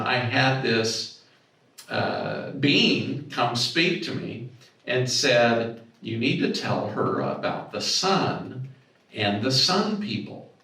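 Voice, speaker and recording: A middle-aged man tells a long anecdote to a conference audience, shifting into loud, animated voices for the people in his story. He is recorded from a distance in a very echoey hall, with his voice at a middle pitch. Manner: animated anecdote-telling, acts out dialogue with raised voice. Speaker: speaker at a symposium. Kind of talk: storytelling talk. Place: hotel conference room.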